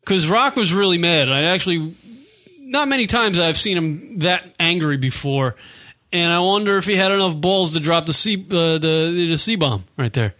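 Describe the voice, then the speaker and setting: A man's voice: on the high side, animated, normal speed, bright, forceful tone. A man co-hosting a radio show, in profane, teasing casual banter.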